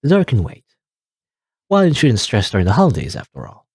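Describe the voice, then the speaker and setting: A man's voice: mid-range voice, wildly swooping pitch, a little fast, gravelly, a little mellow, husky, dry recording, full character voice. A man doing a bitter old reclusive heiress. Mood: sardonic. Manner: dry, sardonic grumbling.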